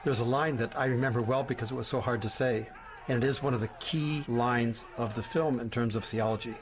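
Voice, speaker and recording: A man interviewed as a language consultant for a film, speaking in a measured, explanatory way. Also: mid-range voice, fairly even intonation, heavy background noise. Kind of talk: documentary interview.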